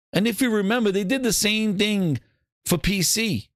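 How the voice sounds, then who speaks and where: A man's voice: sits high, normal speed, dry recording, studio quality. A man hosting a gaming podcast, ranting and ad-libbing with plenty of profanity. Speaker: host. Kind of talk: comedic gaming podcast rant.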